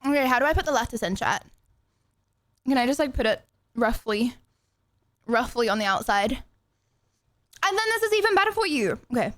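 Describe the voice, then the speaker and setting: A woman's voice: a little high, lively intonation, brisk, pauses often, a bit bright, no echo. A young woman streaming live, chatting casually and rambling to her viewers while she eats. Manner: rambling, chatty, talks to chat.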